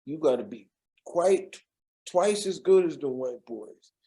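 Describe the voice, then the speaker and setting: A man's voice: on the high side, lively intonation, slow, warm tone. A man doing an impression of an older male actor giving firm, fatherly advice to a young man.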